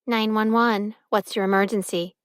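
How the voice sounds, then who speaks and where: A woman voicing a brisk, businesslike emergency phone operator who asks questions in a demanding way, read in an audiobook. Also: mid-range voice, steady tone, clear, resonant tone, dry recording, studio quality, natural voice.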